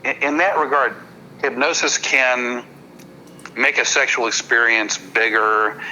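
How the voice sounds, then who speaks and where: On a low-quality recording with faint noise beneath it, a guest on a podcast, who works as a hypnotist comedian, shares a story in a very bright, sharp-edged, mid-range voice with fairly even intonation. He stumbles and repeats himself as the tale builds, and he's apologetic, checking in with his listeners.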